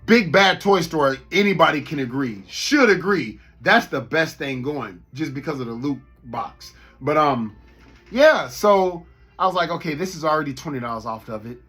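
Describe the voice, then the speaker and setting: Husky, bright-voiced ranting man. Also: fairly high pitch, normal speed, soft background music. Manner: animated, profane, rambling. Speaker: toy collector vlogger. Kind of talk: casual rant to camera.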